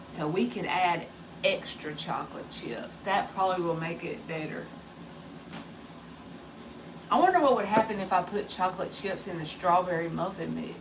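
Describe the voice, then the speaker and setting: A woman's voice: lowish voice, moderate pace, distant mic. A woman in her forties chatting casually and jokingly on a live stream as a tarot reader, passing along remarks from someone off-mic. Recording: voice a bit off-mic, faint background noise.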